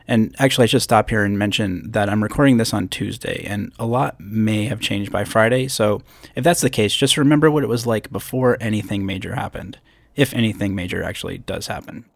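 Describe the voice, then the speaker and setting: A man in his thirties hosts a solo podcast, talking it out with self-deprecating asides. His lowish voice carries a gravelly edge. The sound is dry and close on a podcast mic in a hotel room. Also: a little fast, no room sound. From upstate New York. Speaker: podcast host. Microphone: podcast microphone with pop screen.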